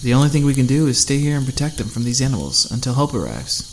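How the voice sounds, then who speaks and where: A man voicing a calm, reasonable male survivor who leads the group. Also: medium pitch, fast, slight background noise. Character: calm, level-headed male survivor leader.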